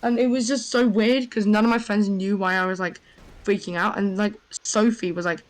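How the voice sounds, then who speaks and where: A young woman telling a rambling, excitable story in casual voice chat, full of fillers. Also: mid-range voice, brisk, rough recording. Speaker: gamer.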